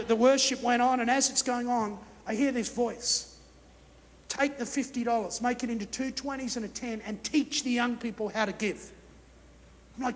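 Man, middle-aged, guest pastor, very high voice, long hall reverb. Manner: animated, acts out his own thoughts in a raised voice. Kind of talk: storytelling sermon. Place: church hall. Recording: live reverberant hall, faint noise.

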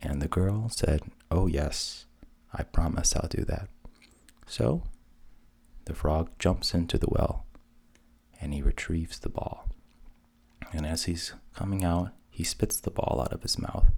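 A man narrating a fairy tale softly, at times dropping to a whisper. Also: deep voice, a little slow, gravelly, husky. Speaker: storyteller.

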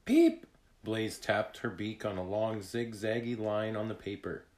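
A man narrating a children's chapter book aloud in a deliberate read-aloud manner. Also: fairly low pitch, flat delivery. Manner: slow, deliberate reading.

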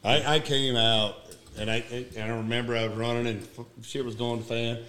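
A man, a retired Marine gunnery sergeant, telling war stories in an emphatic, profane, animated way. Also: mid-range voice, fairly quick. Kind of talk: casual war storytelling.

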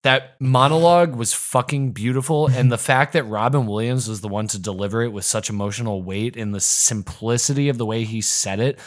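A man's voice: mid-range voice, a little fast, hardly any pauses. A man co-hosting a podcast, chatting casually about movie quotes, enthusiastic and swearing freely. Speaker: podcast co-host. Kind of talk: casual chat.

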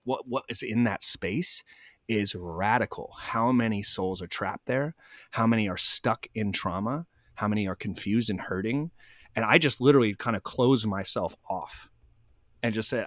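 A man calmly telling stories in an interview, acting out both sides of each conversation. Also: fairly low pitch, no room sound, clean studio sound. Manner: animated, acts out both sides of dialogue. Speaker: guest, spiritual medium. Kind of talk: conversational storytelling.

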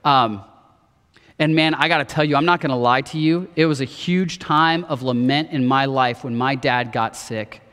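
A man in his thirties giving a sermon as pastor, telling a personal story earnestly and dropping softer for quoted words. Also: mid-range voice, normal speed, smooth. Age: 30s. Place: church auditorium. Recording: long reverb of a church hall.

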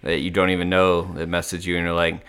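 A male podcast host interviewing a friend, speaking in a relaxed, supportive way with casual swearing. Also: deep voice, quick pace, smooth. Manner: laid-back, supportive, casually profane.

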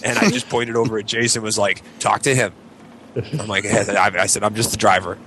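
A man's voice: brisk, a little hiss or hum. A man telling a long story on a podcast, acting out his friends' lines. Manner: animated, acts out quoted friends in high voices. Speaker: podcast co-host. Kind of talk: casual storytelling.

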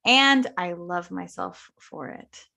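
A woman's voice: lowish voice, slow pace, vocal fry, crowd noise. A woman hosting a podcast in a playful, encouraging way, affirming her guest often. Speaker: podcast host. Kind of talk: casual conversation.

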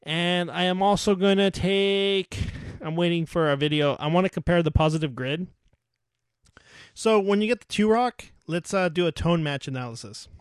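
A man's voice: a little high, a little fast, dry recording, studio quality. A man co-hosting a casual podcast, joking around and laughing often. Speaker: podcast co-host. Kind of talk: casual chat.

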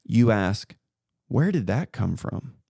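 Man, 30s, lower voice, unhurried storyteller co-host, dry close sound. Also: gravelly, slightly rough, dry recording. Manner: storytelling, animated retelling of a conversation. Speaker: podcast co-host. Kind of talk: casual faith chat.

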